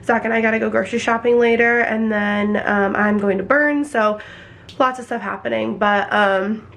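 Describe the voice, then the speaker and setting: A woman's voice: on the high side, fairly even intonation, moderate pace, creaky, fairly bright tone. A young woman in her twenties chatting casually to camera in a sweary, filler-heavy vlog, feeling sick. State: sick and congested. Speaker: lifestyle vlogger. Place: at home indoors.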